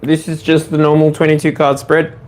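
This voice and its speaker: A man's voice: fairly high pitch, monotone, fairly quick, a little mellow, a little hiss or hum. An Australian man giving a casual tarot reading at home, rambling with many fillers and speaking straight to the viewer. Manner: loose and rambling, frequent fillers; direct second-person address to the viewer. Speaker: tarot reader.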